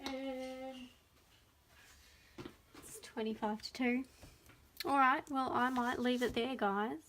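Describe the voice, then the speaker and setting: A woman's voice: high voice, fairly even intonation, slow pace, fairly bright tone, slight background noise. An Australian woman giving a live crafting demonstration, chatting to viewers as she works. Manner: chatty, talks to viewers while working. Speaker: papercraft demonstrator.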